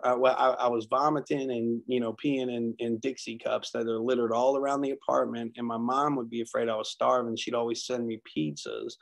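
A man giving a frank, candid account of his own recovery at a workshop. He talks haltingly, with many restarts, and tells it with dark humor. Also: medium pitch, vocal fry. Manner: halting, frequent restarts and fillers; frank, darkly humorous storytelling. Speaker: speaker sharing his recovery story. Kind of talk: candid personal testimony.

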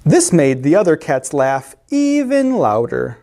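Slow, expressive woman reading aloud. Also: rumbling low, noisy background. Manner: expressive, storytelling. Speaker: children's librarian. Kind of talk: picture-book read-aloud.

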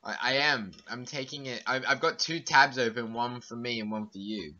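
A young man reads test questions aloud in a halting, hesitant way during casual podcast banter. His voice is bright and clear-toned. The audio is dull and lo-fi. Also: mid-range voice. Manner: hesitant, halting, fillers while reading. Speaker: podcast co-host. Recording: dull, lo-fi home recording.

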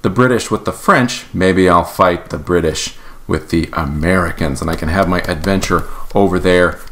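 An eager young French aristocrat, a lad of nineteen, pleading and bursting with excitement, voiced by a man. He sounds like a storybook hero. His voice sits low. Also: normal speed.

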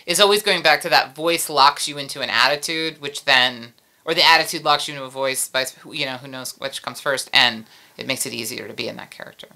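Bright low-pitched woman chatting animatedly. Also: a little fast, creaky. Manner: animated, laughs often, trails off mid-sentence. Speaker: puppeteer guest. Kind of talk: casual interview chat.

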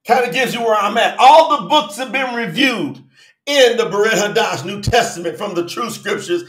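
A man leads a livestream sermon with a strikingly high, bright voice, calling out viewers by name. He swings between shouting and murmuring, and the room rings with echo. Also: normal speed. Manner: fervent, calls out to viewers by name. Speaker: preacher hosting a live Bible study.

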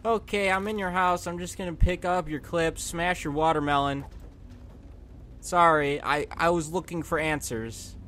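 A man with a slightly high, steady, fairly bright voice speaks at a moderate pace, with a little hiss or hum in the recording. In his horror game let's play, he narrates with jokes, talks to the game, and yelps and screams when startled.

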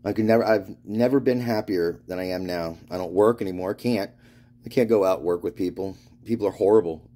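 A spiritual vlogger from Florida rambles through a loose monologue, restarting and letting thoughts trail away. His low voice is mellow and soft-edged, and his pace is brisk. He swears freely and laughs through his own stories.

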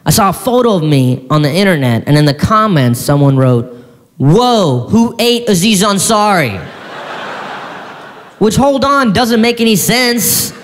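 A man performing stand-up comedy, telling a story in an animated, incredulous way with sudden shouts. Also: sits high, normal speed. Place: live comedy venue on stage. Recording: live stage in a reverberant hall with faint crowd ambience.

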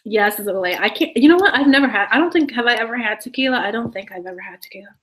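A woman's voice: fairly high pitch, lively intonation, racing, a bit bright. A young woman chatting to her viewers in a rambling, giggly way, swearing freely. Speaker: YouTuber talking to live chat. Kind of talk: casual chat to viewers.

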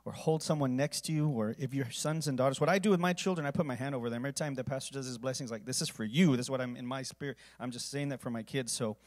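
Male pastor, average pitch, earnest sermon delivery swinging from quiet to booming. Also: quick pace, few pauses. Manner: earnest storytelling, volume swinging from hushed to loud. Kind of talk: sermon closing with communion and prayer.

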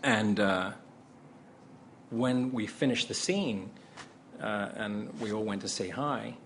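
On stage before a convention crowd, a man with a lowish voice tells a funny anecdote at a slow pace, stammering and acting out the people he quotes. The big hall carries crowd laughter and ambient noise.

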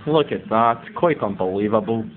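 A young man doing a joking mock football commentary among friends in a living room, excitable and cheeky with sudden yelps. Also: on the low side, moderate pace, a loud crowd. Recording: tinny lo-fi home video.

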